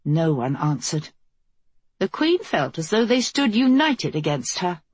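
A woman reading a fantasy novel aloud as the narrator, in a steady, measured way. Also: fairly low pitch, slightly rough, no room sound. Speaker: audiobook narrator.

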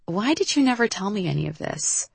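A woman's voice: mid-range voice, very animated, brisk, gravelly, husky, no room sound, voice pushed up, heavily acted. A woman voicing a young woman who is a blunt, worried best friend, pressing for answers. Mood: concerned.

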